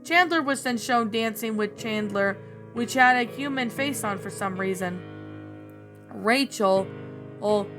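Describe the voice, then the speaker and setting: A woman's voice: a little high, fairly bright tone. A woman narrator reading a fan story aloud, often stumbling and restarting words.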